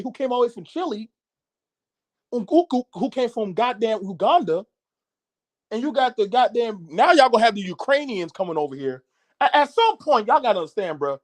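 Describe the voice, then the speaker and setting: A man hosting a podcast, ranting loudly in a profane, mocking monologue with an American accent. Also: high voice. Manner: loud, animated, cursing, mocking. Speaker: podcast host.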